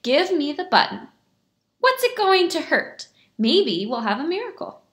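A woman reading aloud, voicing an excitable, hurried male synagogue caretaker who pleads urgently. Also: sits high, pitched above the performer's own voice, heavily acted.

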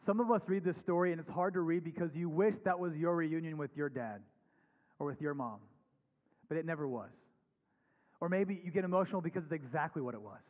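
A man's voice: fairly high pitch, fairly quick. Earnest male pastor preaching in a hall. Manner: earnest, conversational preaching with scripture reading. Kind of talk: sermon. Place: church sanctuary. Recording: dull recording with long hall reverb.

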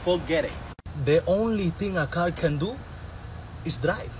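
A man's voice: on the high side, expressive, unhurried, noisy background. A man, a comedian teasing a friend in broken English in a skit.

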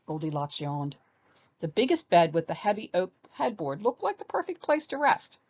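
A woman reading a children's story aloud with animated expression. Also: fairly low pitch, moderate pace, breathy edge, muffled recording.

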